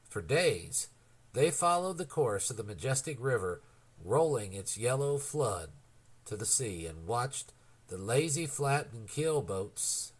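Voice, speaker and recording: A man narrating a novel as an audiobook in an expressive storytelling manner. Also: medium pitch. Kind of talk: scripted narration.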